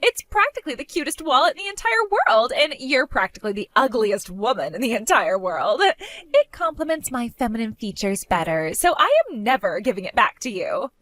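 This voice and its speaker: A woman's voice: a little high, big pitch swings, moderate pace, a bit bright, dry recording, soft background music. A woman voicing a spoiled, bratty young woman who taunts her older sister in a mocking, sing-song way. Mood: gloating. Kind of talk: animated story voice acting.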